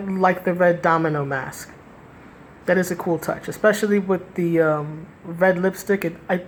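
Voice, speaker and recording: A woman's voice: on the low side, a little hiss or hum. A woman giving a casual, critical spoken review, rambling with restarts and frequent "right?" asides, with a sardonic edge. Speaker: comic book reviewer.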